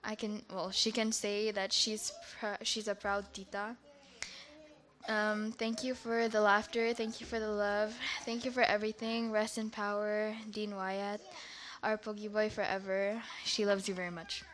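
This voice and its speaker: A woman's voice: mid-range voice, little pitch movement, measured pace, fairly bright tone. A young woman reading out a memorial tribute on her mother's behalf, carefully and with small stumbles. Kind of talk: memorial tribute read aloud.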